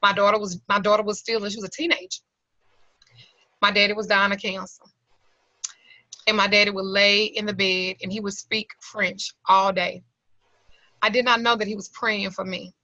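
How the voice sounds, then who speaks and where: A middle-aged woman tells a candid, emotional life story in plain everyday speech, close to tears. Her voice is bright and forward, and the sound is dry and a little dull, like a video call. She talks earnestly to her class. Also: mid-range voice, flat delivery, normal speed, long pauses, no echo. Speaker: occult class teacher. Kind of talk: emotional personal testimony. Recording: slightly lo-fi video call audio.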